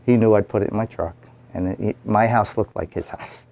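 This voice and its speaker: A town mayor telling a story in an animated way, acting out the lines of the people in it. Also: male voice, lowish voice, a little fast, gravelly. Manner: animated, acts out quoted lines. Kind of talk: anecdotal storytelling.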